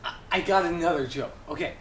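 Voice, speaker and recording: A man telling jokes in a rambling, halting way, full of "you know", recorded by a distant camera mic. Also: fairly high pitch, soft background music. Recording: echoey, distant camera mic, noisy background.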